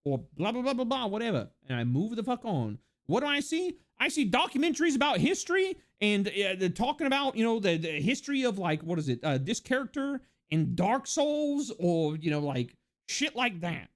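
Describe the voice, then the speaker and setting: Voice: medium pitch, normal speed. A live-streamer from the United States ranting casually to chat, rambling and swearing freely. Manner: rambling, profane, lively. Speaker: livestreamer.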